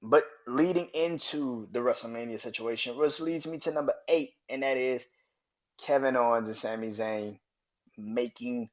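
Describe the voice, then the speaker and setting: Man hosting a solo podcast, mid-pitched, profane and rambling, dull lo-fi mic. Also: normal speed. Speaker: podcast host. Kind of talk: casual wrestling commentary.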